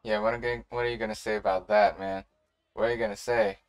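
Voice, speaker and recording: A reaction video host giving casual, expressive and profane commentary straight to the viewers. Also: mid-range voice, fast.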